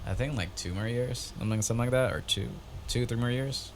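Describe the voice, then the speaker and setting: A man on a casual podcast, telling a long story with animated energy. He jumps into higher, louder voices for the dialogue. There is a faint hiss of noise behind him. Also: fast. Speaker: podcast co-host.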